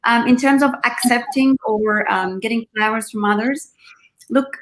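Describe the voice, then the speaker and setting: A woman's voice: a little high, moderate pace, a bit bright, rough recording. A woman guest in a casual chat, answering thoughtfully with hesitant fillers.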